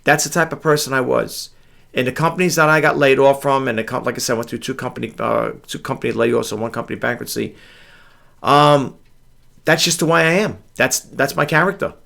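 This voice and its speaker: A man's voice: mid-range voice, steady tone, brisk, creaky, fairly bright tone. A tired middle-aged man from New York, rambling through stories late at night in his home, often repeating words and drifting between topics. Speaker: online reseller vlogger. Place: home room with a grandfather clock.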